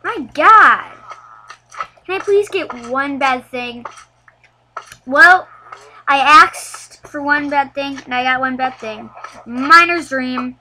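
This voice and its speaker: A woman giving casual, chatty commentary over a video game, getting excited and laughing as she plays. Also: high voice, slow, long pauses, a little hiss or hum, low-quality recording. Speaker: gameplay commentator.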